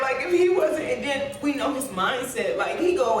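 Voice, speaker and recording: A woman's voice: high voice, animated, moderate pace, hardly any pauses. A woman being interviewed for a documentary, telling a personal story in a blunt, profane, rambling way with many fillers. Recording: very echoey room, distant mic, soft music underneath.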